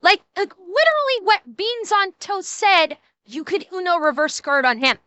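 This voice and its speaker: Brief: high, sharp-toned woman streamer, blunt and sarcastic, dry close mic. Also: expressive, normal speed, no room sound. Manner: blunt, swearing, mocking. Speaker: streamer reacting to a video. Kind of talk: casual reaction-stream chat.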